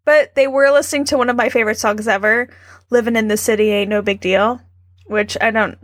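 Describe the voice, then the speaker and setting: Woman co-host, higher voice, dry sound, sarcastic and goofy in a casual movie chat. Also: fairly even intonation, brisk, a bit bright, no echo. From New York. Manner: goofy, sarcastic, laughs often. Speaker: podcast co-host.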